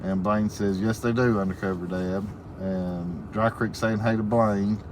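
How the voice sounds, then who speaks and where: A man's voice: on the low side, steady tone, a little slow, background noise. A man hosting a casual live stream, reading viewer comments aloud and laughing often in a folksy way. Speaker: livestream host reading viewer chat.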